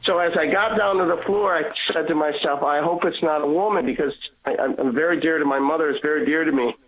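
A man's voice: a little high, fast. A man, a guest on the show, earnestly telling a personal faith story and often repeating and restarting his words. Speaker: guest sharing a faith testimony. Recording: tinny phone line.

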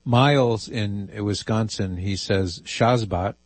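A man hosts a radio talk show with a lowish, slightly husky voice. He chats wryly and reads out listener emails. The studio sound is dry and close. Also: takes it slowly, no room sound. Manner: chatty, wry, reads listener emails aloud.

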